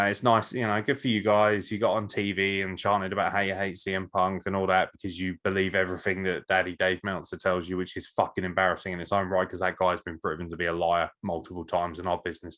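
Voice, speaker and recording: Male podcast co-host with a lowish voice who rants bluntly and swears freely. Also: a bit bright. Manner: blunt, profane, opinionated ranting. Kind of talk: casual podcast chat.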